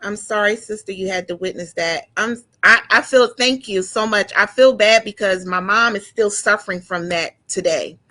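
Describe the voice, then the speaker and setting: A woman in her forties telling a painful personal story, halting and emotional, with frequent restarts and repeated words. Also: medium pitch, pushed and bright. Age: 40s. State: emotional, close to tears. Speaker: guest sharing her story.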